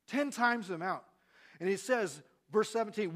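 A pastor preaches a sermon to his congregation in a church hall, reading scripture with dramatic loud peaks and putting questions to the room. His voice sits high and moves at a normal speed.

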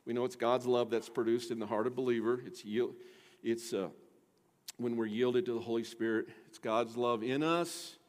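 A man's voice: medium pitch, fairly even intonation, normal speed. A man preaching a sermon as pastor, earnest and putting direct questions to the congregation. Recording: long echo of a large hall.

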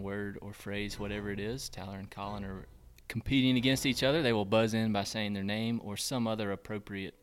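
A man hosting a podcast quiz game, upbeat and quick to laugh. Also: lowish voice, fairly even intonation. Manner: upbeat, laughs often, plays quizmaster. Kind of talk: casual podcast banter.

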